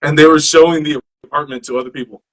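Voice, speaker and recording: A man hosting a podcast, casually telling stories in an animated, profane way. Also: a little high, fast talker, low-quality recording. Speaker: podcast host. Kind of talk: casual chat.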